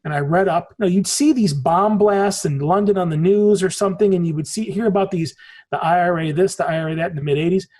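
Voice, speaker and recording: A man's voice: high-pitched, quick pace, darkish tone. A man in his forties, a podcast guest in casual conversation, telling rambling stories and swearing casually. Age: 40s.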